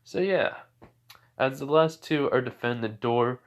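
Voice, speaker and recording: A man's voice: medium pitch, a little slow. A man casually narrating a fan story, rambling with many fillers and restarts.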